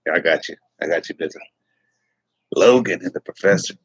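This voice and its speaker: A man's voice: deep voice, fairly quick, slight background noise, rough recording. A middle-aged man from Texas hosting a casual morning livestream, rambling with many fillers and restarts. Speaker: livestream host.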